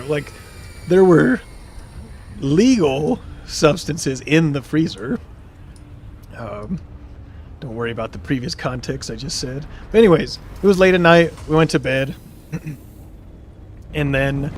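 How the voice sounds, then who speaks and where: A man's voice: a little high, animated, a little slow, pauses often, a little hiss or hum. A young man streaming a game, telling a long story in a rambling, casual way with many fillers and restarts. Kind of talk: casual storytelling while gaming.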